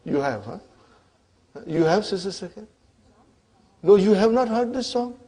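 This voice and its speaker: A man with a slightly high, somewhat rough voice and dark tone teaches Arabic grammar to a class, blending English with Arabic grammar terms and stretching some of them out slowly. His intonation is lively, and every few phrases he checks in, asking "huh?" and "are you with me?".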